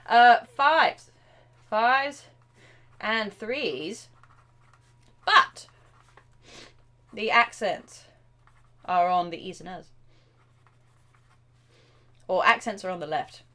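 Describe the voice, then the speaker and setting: A woman drum teacher hosting a live question-and-answer stream, chatty and excitable, with lots of fillers and self-interruptions. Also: mid-range voice, very slow, long pauses.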